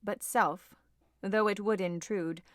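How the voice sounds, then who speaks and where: A woman narrating a classic novel as an audiobook, in a measured, expressive reading. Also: mid-range voice, no echo, clean studio sound.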